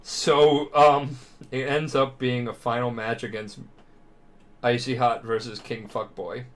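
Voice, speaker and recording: A man's voice: mid-range voice, a little slow. A drunk man co-hosting a podcast, rambling and swearing as he retells a story in a casual way. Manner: rambling, profane, animated. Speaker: podcast co-host.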